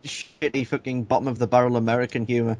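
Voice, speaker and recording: A man's voice: medium pitch, flat delivery, fast talker, a little mellow, no room sound, highs cut off. A man from Britain in a casual wrestling recap chat, blunt and sardonic.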